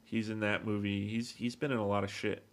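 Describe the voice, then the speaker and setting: A man's voice: fairly low pitch, level tone, a little fast. A man co-hosting a casual movie podcast, rambling and swearing freely as he talks through the film. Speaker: podcast co-host.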